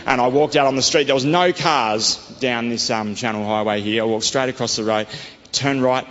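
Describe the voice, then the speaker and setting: A man's voice: mid-range voice, moderate pace, fairly bright tone, slight background noise. Man, rambling testimony, echoey hall, dull lo-fi mic. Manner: enthusiastic, rambling, frequent "you know" and "um". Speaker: interviewee sharing a faith testimony. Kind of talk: conversational storytelling.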